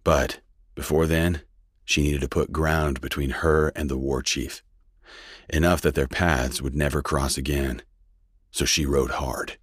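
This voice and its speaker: A man narrating a western story in a steady, measured reading. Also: very deep voice, breathy edge, no room sound, studio quality. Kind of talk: scripted audiobook narration.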